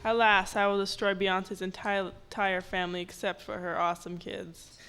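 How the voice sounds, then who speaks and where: A crafty old witch luring children with candy, her sweet coaxing turning to threats, as a woman reads her part. The voice stays smooth and clear, read aloud at a live story reading. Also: medium pitch, level tone, normal speed, fairly bright tone, lightly acted. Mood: menacing. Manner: coaxing, then snarling.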